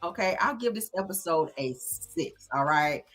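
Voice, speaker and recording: A woman's voice: fairly low pitch, lively intonation, moderate pace, fairly bright tone, faint music behind. A woman hosting a casual live-stream recap, talking straight to her viewers in a blunt, profane and sassy way. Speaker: reality show reviewer on a live stream.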